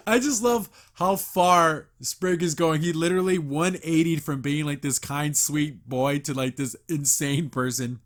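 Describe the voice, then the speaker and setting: A podcast host with a voice on the high side talks at an unhurried pace while casually reviewing a cartoon episode. He retells scenes, quotes characters, and laughs often.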